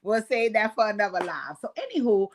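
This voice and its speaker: A woman hosting a live stream, telling profane stories and talking to viewers in a casual, animated way. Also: medium pitch, brisk. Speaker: host.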